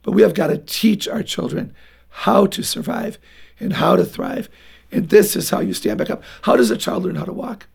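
A woman's voice: medium pitch, animated, moderate pace, gravelly, a little mellow, breathy edge. A woman speaking as a guest on a parenting interview, earnest and emphatic as she urges parents on. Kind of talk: radio interview talk.

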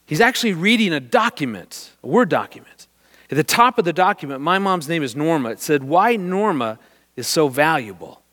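A middle-aged man telling a family story to an audience, animated and self-deprecating, laughing often. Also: a little high, fairly quick. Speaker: speaker on marriage.

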